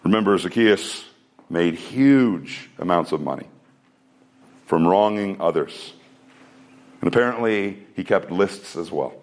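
A man's voice: low voice, expressive, a little slow, pauses often. Earnest man preaching a sermon. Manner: earnest preaching, rhetorical questions, shifting pace. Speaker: pastor.

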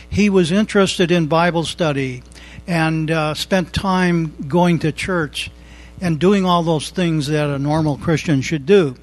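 A man's voice: a little high, poor audio. A man calling in to tell an earnest personal story about his brother and ask for advice. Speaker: caller asking a question.

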